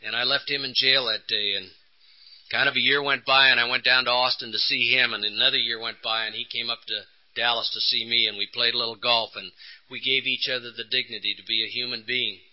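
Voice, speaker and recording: A man's voice: medium pitch, steady tone, brisk. An older man, telling his recovery story at a conference in an earnest, emotional way and acting out the dialogue. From Texas, USA. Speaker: conference speaker. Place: conference hall. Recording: dull lo-fi 1980s conference tape.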